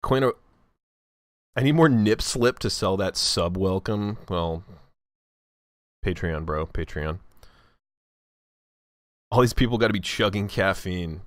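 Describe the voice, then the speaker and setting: A man's voice: sits low, takes it slowly, pauses often, no echo, studio quality. A man streaming live, chatting casually with viewers in a joking, profane and self-mocking way.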